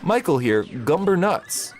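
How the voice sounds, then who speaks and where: A man doing a mock impression of a male science-show host, asking silly rhetorical questions in a deadpan musing way. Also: a little high, slow, faint music behind, exaggerated voice. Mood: mock-pondering.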